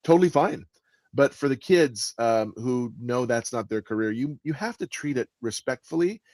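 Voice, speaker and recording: Guy author chatting in an interview, mid pitch, expressive, dry close mic. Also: normal speed, no echo. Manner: expressive, stresses words, frequent restarts. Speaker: guest author and audiobook narrator. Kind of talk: conversational interview answers.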